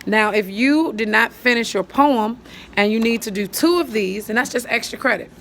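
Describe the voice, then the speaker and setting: A woman teacher patiently walking students through writing a poem, counting syllables aloud and thinking out loud as she writes. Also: on the high side, normal speed, a little hiss or hum. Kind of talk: step-by-step poetry lesson.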